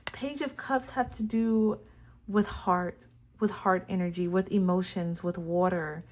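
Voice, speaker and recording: A woman with a fairly low voice gives a casual tarot reading to her viewers. She gushes over each card and talks straight to the camera audience. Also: steady tone, a little slow, slight background noise. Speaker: tarot reader.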